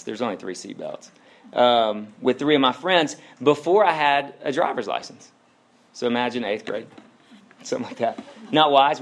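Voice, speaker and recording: A man preaching a casual, conversational sermon as a pastor, chatty and informal, with many tag questions and fillers. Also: medium pitch.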